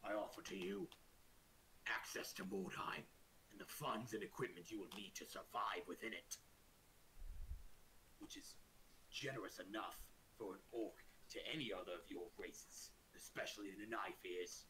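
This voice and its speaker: Man putting on a low, grim orc warlord. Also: bright, forceful tone, a little hiss or hum, low-quality recording. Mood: menacing. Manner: slow, menacing, curt commands.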